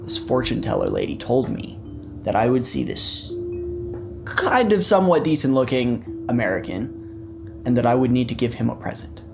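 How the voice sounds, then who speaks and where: A man voicing a kindly old French shopkeeper, telling the tale gently and a little lower than his own voice. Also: lively intonation, moderate pace, vocal fry, noisy background. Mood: gentle.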